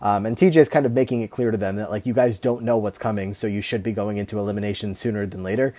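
A man's voice: lowish voice, quick pace. A man co-hosting a podcast, chatting casually about a reality show with lots of fillers and restarts. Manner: relaxed, rambling with many fillers. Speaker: podcast co-host.

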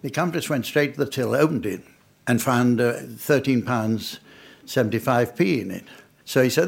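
Older raconteur, gravelly and a bit husky, dry wit, storytelling to a laughing audience. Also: male voice, medium pitch, normal speed. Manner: dry, wry, understated delivery with audience laughter. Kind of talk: anecdotal storytelling talk.

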